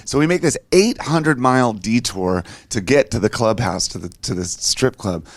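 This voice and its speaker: A man's voice: medium pitch, lively intonation, normal speed, no room sound. A middle-aged man animatedly telling a road-trip anecdote, swearing freely and acting out other people's lines. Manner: swears freely, acts out quoted voices. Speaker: interview guest.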